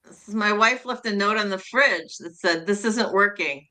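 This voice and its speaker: A middle-aged woman co-hosts a humor show, telling jokes in a rambling, self-amused way with many restarts. Her medium-pitched voice sounds pushed and bright, at a moderate pace.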